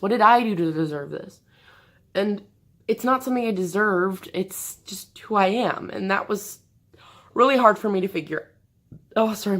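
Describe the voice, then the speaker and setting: A woman vlogger talking candidly to the camera from her bed, in a halting, hesitant way with many restarts. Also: medium pitch, fairly bright tone. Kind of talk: candid personal talk to camera. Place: bedroom, sitting on an air mattress.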